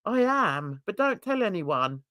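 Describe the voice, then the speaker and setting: An older woman from England hosting a casual livestream chat, laughing a lot and jumping into excited high squeals. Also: a little slow, dry recording, studio quality. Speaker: host. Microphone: video call.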